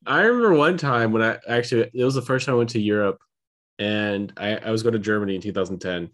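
A man's voice: lowish voice, quick pace, a bit bright. A man from Missouri co-hosting a podcast, telling stories in a rambling casual chat with frequent restarts. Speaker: podcast co-host.

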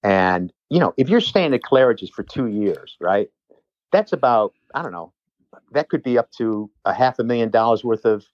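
A man's voice: medium pitch, animated, normal speed, darkish tone, dry recording, dull audio. A man, a personal trainer, telling a long rambling story in casual chat with many restarts and asides.

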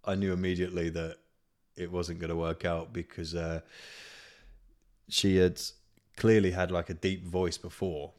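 A man's voice: deep voice, flat delivery, normal speed, long pauses, a little mellow. A man hosting a podcast, telling a funny story in a rambling, casual way, swearing often and laughing as he goes. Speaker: podcast host.

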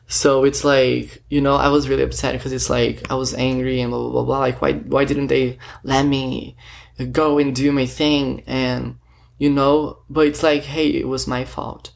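A man's voice: medium pitch, level tone, measured pace, creaky. A man vlogging to a self-recorded camera, telling a story in a rambling, filler-heavy way and acting out bits of conversations as he goes. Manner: rambling, filler-heavy, retells talks with quoted dialogue. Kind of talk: casual storytelling monologue. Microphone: self-recorded camera or phone.

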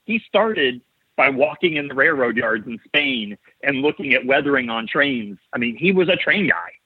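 A man's voice: medium pitch, expressive, normal speed, breathy edge, dry recording. A man in his forties from Ohio, a podcast guest who tells his stories eagerly, often restarting his sentences. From Ohio, USA. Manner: eager storytelling with frequent restarts. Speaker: podcast guest, model builder. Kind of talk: casual interview chat. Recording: tinny phone-like call audio.

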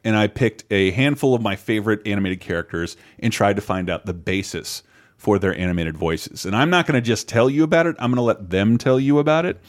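A man hosting a casual podcast, animated and rambling, often laughing and swearing. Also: lowish voice, brisk. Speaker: podcast host.

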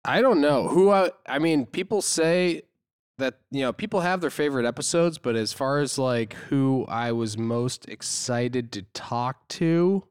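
Man, podcast host, smooth clear voice, dry close sound, playful teasing. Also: mid-range voice, dry recording. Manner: quick, playful, apologetic teasing. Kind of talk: casual chat. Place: podcast studio.

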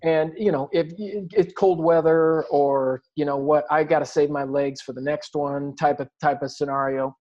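A man's voice: fairly high pitch, a little mellow. A man telling his story in an interview, earnest and reflective, often restarting his sentences. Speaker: guest athlete. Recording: dull lo-fi recording.

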